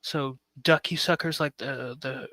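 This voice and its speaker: A man in casual chat, excitable and swearing often. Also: mid-range voice, a little slow, a crowd in the background, low-quality recording.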